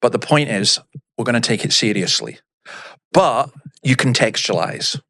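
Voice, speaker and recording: A middle-aged man speaks at an ordinary mid pitch, telling stories bluntly and with emphasis. He is a minister guesting on a podcast, and his stories are lively and punchy. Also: normal speed, dry recording, clean studio sound. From Scotland. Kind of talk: storytelling in a podcast interview.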